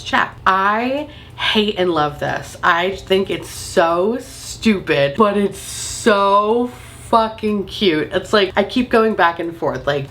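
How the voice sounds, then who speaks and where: A woman, a beauty vlogger chatting to camera in an animated way, swearing freely and laughing often. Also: on the low side. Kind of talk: casual chat to camera.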